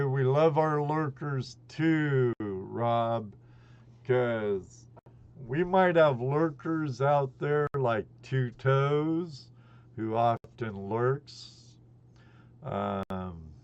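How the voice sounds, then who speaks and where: A man in his sixties hosts a relaxed live stream. He talks in an unhurried drawl with a gravelly edge, and his rambling, chummy chat comes through dull lo-fi stream audio. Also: mid-range voice. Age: 60s. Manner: greets chat viewers by name, rambling and chummy.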